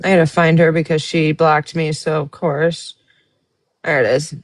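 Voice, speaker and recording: A woman hosts a casual livestream, reading out text messages and giving her side of a dispute bluntly and with profanity. Her voice is low and her delivery flat at a moderate pace, with no room sound.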